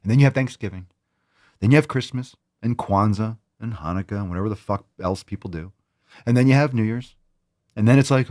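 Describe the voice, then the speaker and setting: A man's voice: lowish voice, brisk. A man hosting a fitness vlog, joking and swearing in casual talk. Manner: profane, joking, animated. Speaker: fitness podcast host.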